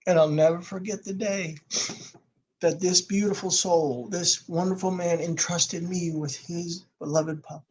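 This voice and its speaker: A man speaking as a podcast guest, telling a personal story with strong emphasis, swinging from loud to nearly a whisper. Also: sits high, fairly even intonation, unhurried, a little hiss or hum, poor audio.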